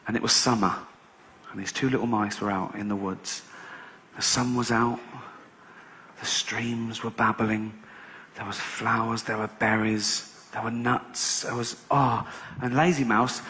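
A man's voice: mid-range voice, little pitch movement, unhurried, sharp tone. A man doing stand-up, telling a rambling, sweary story with sarcastic asides. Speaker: stand-up comedian. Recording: slightly dull live recording.

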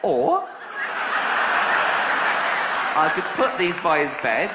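A man's voice: high voice, wildly swooping pitch, takes it slowly, gravelly, over a noisy crowd, very noisy, heavily acted. A man voicing a prim, middle-aged mother who muses aloud in a mock-genteel way, in a stand-up bit. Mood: musing. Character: prim English mother, middle-aged woman, dryly calculating. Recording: echoey dull live venue recording.

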